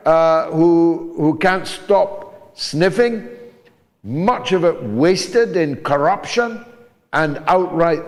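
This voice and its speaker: An older man hosts a call-in talk show, his slightly higher voice carrying a long hall reverb. He talks slowly and deliberately, pausing often between phrases. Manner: slow, deliberate delivery with frequent pauses.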